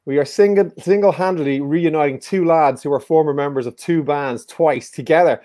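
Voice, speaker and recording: A man's voice: a little high, a little fast, dark tone, dry recording, clean studio sound. A man hosting a live-streamed music quiz in a casual, joking, teasing way. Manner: joking, teasing, playful banter. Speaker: quiz show host.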